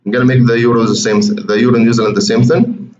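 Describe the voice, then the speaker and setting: Talking fast in a level, medium-pitched voice with a slightly mellow quality, a man takes viewers through trading charts on a shared screen. He's a trading educator with a chatty, repetitive style who keeps saying "guys." A faint hiss runs under the roomy, muffled sound.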